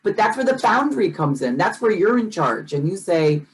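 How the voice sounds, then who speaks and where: Lower-voiced relaxed woman co-host. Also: normal speed, low-quality recording. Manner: relaxed, reads listener comments aloud. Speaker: podcast co-host. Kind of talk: casual chat.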